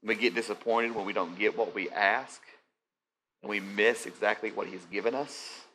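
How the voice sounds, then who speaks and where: A man's voice: fairly low pitch, normal speed, sharp tone, slight background noise. A man preaching a conversational sermon, speaking animatedly and often checking in with his listeners.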